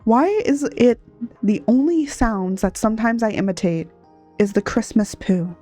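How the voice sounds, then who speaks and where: Woman, from Texas, recovering from illness, sniffly, unhurried casual stream chat, faint background music. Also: a little high, lively intonation, warm tone. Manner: rambling, chatty, self-deprecating, laughs often. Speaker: art streamer. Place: home streaming setup at a laptop. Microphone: desk mic, not a headset.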